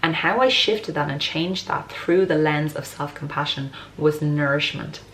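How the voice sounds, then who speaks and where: A woman vlogger talking earnestly and encouragingly to camera about self-compassion, slowing on key words and using "you know" often. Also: low voice, a bit bright, slight background noise, low-quality recording. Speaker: weight loss vlogger. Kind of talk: motivational talk to camera.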